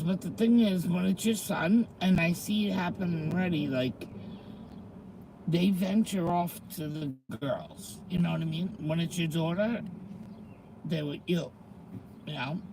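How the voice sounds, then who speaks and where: Tearful, slow-talking New woman. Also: fairly low pitch, gravelly, noisy background. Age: middle-aged. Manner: rambling, emotional, talks to commenters. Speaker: vlogger. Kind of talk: casual chat to viewers.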